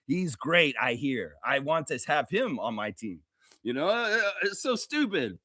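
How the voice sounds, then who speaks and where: High-pitched ranting sports fan host. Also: male voice, very animated, a little slow, sharp tone, no echo, clean studio sound. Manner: heated, sarcastic, swearing, then laughing and loose. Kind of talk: profane ranting fan commentary.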